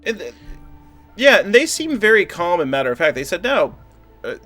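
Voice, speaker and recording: A man narrating as game master of a tabletop spy game, relaxed and joking. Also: high-pitched, a little fast, soft background music. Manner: relaxed, joking, trails into laughter.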